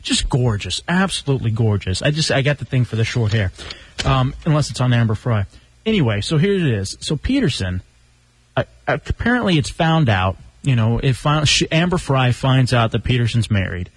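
A man's voice: medium pitch, big pitch swings, moderate pace, husky. A man hosting a radio show, chatting casually, joking and reading quotes aloud. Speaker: radio host.

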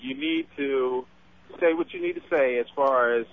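A man's voice: medium pitch, normal speed, no room sound. A man calling in to a radio show, giving firm, earnest advice. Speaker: caller. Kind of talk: call-in advice. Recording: tinny phone line on radio.

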